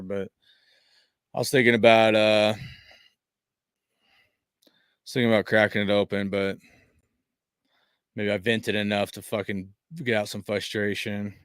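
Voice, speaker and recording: A man's voice: lowish voice, fairly even intonation, moderate pace, long pauses, fairly bright tone, clear, resonant tone, no room sound, studio quality. A man hosting a fan stream, venting in a frustrated, profane rant full of fillers while reading chat, tired after a long day. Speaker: fan channel host.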